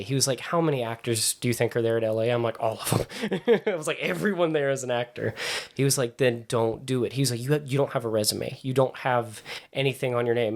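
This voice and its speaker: A man's voice: medium pitch, fast talker. A young man from Texas, an actor being interviewed, chatting casually and acting out what people said to him, laughing often. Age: young adult. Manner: animated, re-enacts quoted people, laughs often. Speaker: actor and writer, interview guest.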